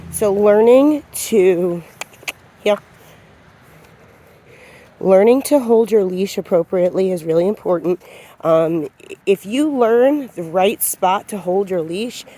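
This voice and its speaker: A woman dog trainer gives a calm, low-key lesson on leash handling while walking outside, talking with many fillers. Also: slow, pauses often. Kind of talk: outdoor training demonstration. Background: passing vehicles.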